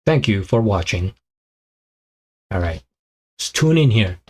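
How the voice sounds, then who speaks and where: A man's voice: lowish voice, expressive, slow, darkish tone, husky. Chatty man with a tiring voice. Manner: rambling, thinks aloud with many fillers and restarts. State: voice tiring and weakening. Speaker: host of a live reaction stream. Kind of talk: casual live commentary, chatting with viewers.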